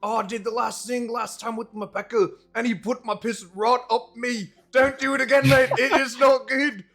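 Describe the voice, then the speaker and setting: Young male player: very high, bright voice, loud and playful banter. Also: flat delivery, normal speed. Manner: rowdy, joking, in-character banter. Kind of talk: casual tabletop play.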